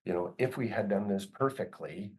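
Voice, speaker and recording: A man's voice: fairly low pitch, moderate pace, a little mellow, low-quality recording. A man, a business owner as guest, talking casually with many "you know" fillers. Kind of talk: casual conversation.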